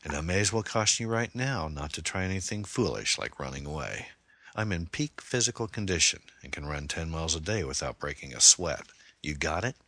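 A man's voice: extremely low pitch, expressive, brisk, bright, forceful tone, no room sound, full character voice. A man reading the part of a controlling male stalker, voiced with cold, mocking menace.

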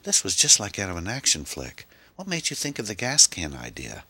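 A man reading aloud and voicing an excitable, frightened young girl with shrill, breathless exclamations. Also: fairly quick, breathy edge, no room sound, full character voice. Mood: excited.

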